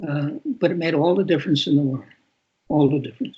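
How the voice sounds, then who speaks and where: Speaking fast in a fairly high, breathy voice, an author in his eighties from New York City reflects during an interview and often repeats words for emphasis. The recording sounds muffled and lo-fi.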